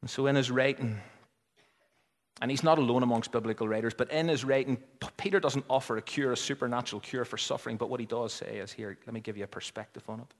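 A man preaching a sermon, swinging between loud emphatic lines and near whispers. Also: medium pitch, fast, long reverb tail. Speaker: pastor.

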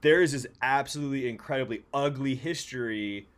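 A man's voice: medium pitch, brisk. A man from the San Francisco area, co-hosting a casual chat show, rambling with lots of fillers, frequent swearing and laughter. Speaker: podcast co-host.

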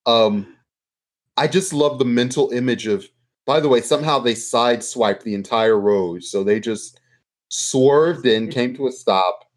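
A man's voice: medium pitch, measured pace. A man co-hosting a podcast, chatting casually and sarcastically about politics, swearing freely. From United States. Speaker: podcast co-host.

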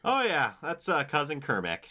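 A man's voice: on the high side, wildly swooping pitch, normal speed, sharp tone. A man co-hosting a podcast in casual chat, upbeat and chatty as he leads the segments. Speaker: podcast co-host.

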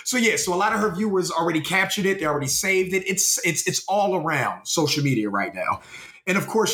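A man's voice: medium pitch, reverberant. A man co-hosting a podcast in casual chat, swearing a lot and repeating his words as he talks. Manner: profane, animated, repeats words. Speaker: podcast co-host.

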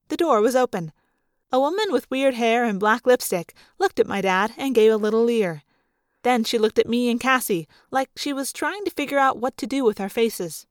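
A woman narrating a first-person audiobook in an expressive, lively way. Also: fairly high pitch, no echo, studio quality. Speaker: audiobook reader.

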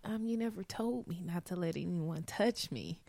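A woman with a somewhat low voice speaks frankly in a casual conversation. She is supportive and often offers brief affirmations. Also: moderate pace, creaky, mellow, no echo.

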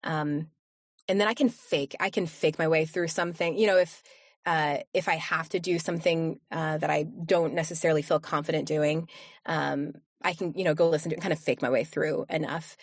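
A woman's voice: sits low, fairly even intonation, a little fast, dry recording, studio quality. A woman voice coach, a podcast guest, talking casually with many fillers and restarts. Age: adult with young kids. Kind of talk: casual interview chat.

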